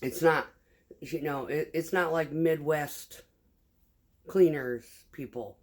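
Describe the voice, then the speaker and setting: Woman vlogger, low voice, casual rambling kitchen chat, profane and laughing. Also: slow, darkish tone. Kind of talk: casual chat while sewing. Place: home kitchen.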